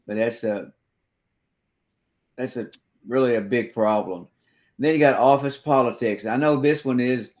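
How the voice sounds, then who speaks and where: A man's voice: lowish voice, darkish tone. A man hosting a casual talk show, reading points aloud and commenting on them. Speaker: host.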